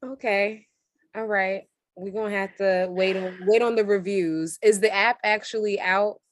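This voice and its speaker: A woman co-hosting a podcast in casual chat, expressive and playful. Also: medium pitch, a little slow, dry recording, clean studio sound. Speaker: podcast co-host.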